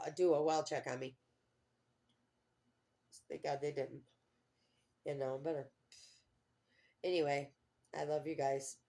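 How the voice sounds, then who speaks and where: A middle-aged woman with a fairly low voice, chatting straight to her camera. She rambles in a heartfelt way, drifting off and restarting her thoughts. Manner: rambling and heartfelt, trails off often. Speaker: vlogger. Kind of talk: casual personal vlog.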